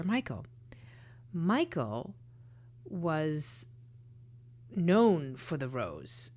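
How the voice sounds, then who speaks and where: Woman, low pitch, casual storytelling, earnest, breathy hushed moments. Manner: emotional, earnest, drops to a breathy whisper at times. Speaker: storyteller sharing a personal experience.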